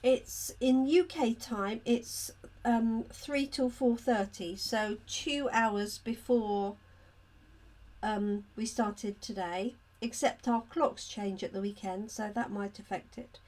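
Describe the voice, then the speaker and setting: Unhurried, chatty woman crafter. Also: a little high, fairly even intonation, a little mellow. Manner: chatty, talks to viewers by name and answers their comments. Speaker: craft demonstrator. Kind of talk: live card-making demonstration.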